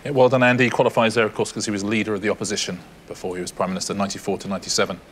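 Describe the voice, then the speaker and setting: A man co-hosting a TV quiz show, explaining answers quickly and teasing his partner, recorded in a studio with background noise. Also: on the low side, flat delivery, a loud crowd. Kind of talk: TV quiz commentary.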